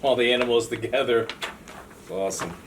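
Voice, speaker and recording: A man's voice: mid-range voice, steady tone, fairly quick. Man reading a storybook to kids. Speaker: community police officer reading to children. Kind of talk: reading a picture book aloud to kids. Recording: faint background noise.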